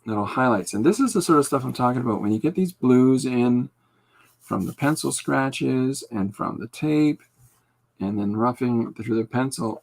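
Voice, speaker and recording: Man, podcast host, gravelly, husky, casual rambling chat, dry humor. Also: mid-range voice, a little mellow. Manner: rambling, dry self-deprecating humor, many fillers. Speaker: podcast host and comic artist.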